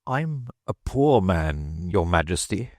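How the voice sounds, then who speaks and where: A man's voice: on the high side, big pitch swings, very slow, creaky, darkish tone, dry recording, studio quality, pitched above the performer's own voice, heavily acted. A man voicing a nervous, trembling hatter pleading before a king. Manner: pleading, shaky.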